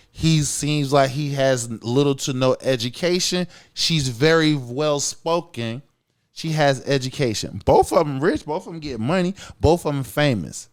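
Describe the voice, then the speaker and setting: Man on a podcast going off, cussing, kinda higher voice, keeps saying you feel me. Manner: blunt, profane, emphatic, keeps asking "you feel what I'm saying". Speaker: podcast co-host. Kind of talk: casual podcast commentary.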